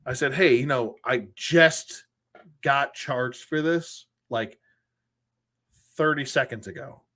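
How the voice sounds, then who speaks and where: A slow, mid-range male voice, pushed and bright, tells a maddening customer service tale on his collectors' show. Exasperated and casual, he retells the phone calls through acted quotes.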